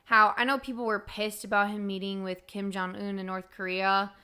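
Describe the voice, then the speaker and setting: A woman's voice: mid-range voice, flat delivery, moderate pace, bright, forceful tone, clean tone. A woman co-hosting a podcast, chatting casually and with strong opinions about politics. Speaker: podcast co-host.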